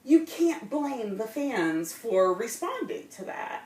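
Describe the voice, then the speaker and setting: A woman's voice: a little high, sing-song, slow, a little mellow. A woman co-hosting a casual fan podcast, chatting and reading listener questions aloud. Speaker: podcast co-host. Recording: echoey room, mic at a distance.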